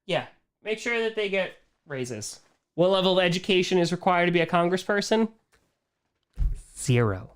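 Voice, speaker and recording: A man hosting a casual livestream Q&A, animated and ranting, swinging from excited outbursts to quiet, weary muttering. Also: high-pitched, normal speed, pauses often, clean tone. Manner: ranting, frustrated. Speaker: livestream host answering viewer questions. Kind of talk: casual live-stream chat.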